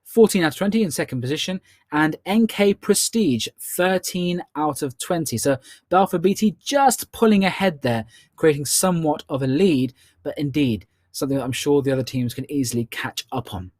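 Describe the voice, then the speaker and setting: British guy hosting a charity quiz online, upbeat, cracks little jokes, kinda high voice, dry sound. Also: moderate pace, darkish tone, dry recording. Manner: upbeat, with playful ad-libbed asides. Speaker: quiz host.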